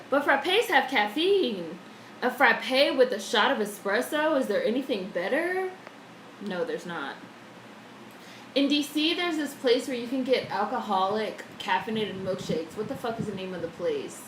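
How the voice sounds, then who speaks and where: A woman's voice: a little high, expressive, normal speed, fairly bright tone. Woman, casual live stream chat, chatty, swears a lot, roomy echo, faint noise behind. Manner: chatty, swears freely, reads chat aloud. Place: home room, indoors. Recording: echoey room with faint background noise.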